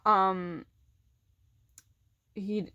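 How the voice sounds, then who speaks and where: A young woman chats her way through a personal story in a relaxed, rambling way, full of fillers and little restarts. Her pitch sits in the middle range. She sounds close and dry, with no room echo around her. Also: very slow, clear, resonant tone, dull audio. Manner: conversational, many fillers, acts out quoted voices. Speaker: vlogger telling a personal story. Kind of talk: casual storytelling.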